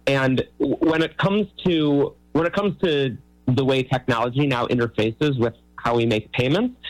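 A man's voice: medium pitch, rough recording. A man, a magician guest on a radio show, explaining things in an easygoing, playful way. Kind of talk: radio interview.

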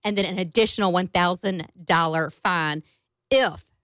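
A woman radio host telling a story in a casual, animated and amused way from a studio. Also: on the low side, moderate pace.

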